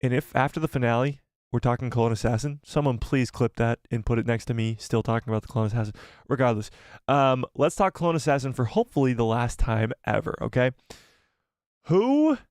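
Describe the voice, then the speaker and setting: A man hosting a casual live stream, excitably reading viewer comments aloud and swearing casually. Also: medium pitch, no echo, studio quality.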